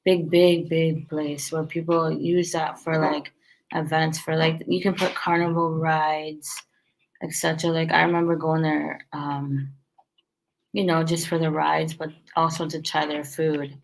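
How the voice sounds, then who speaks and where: A tired, yawning restaurant owner casually chats about running her restaurant and gives business tips, rambling with many fillers and restarts. Her low-pitched voice is creaky and flat, a little slow, and the recording is rough.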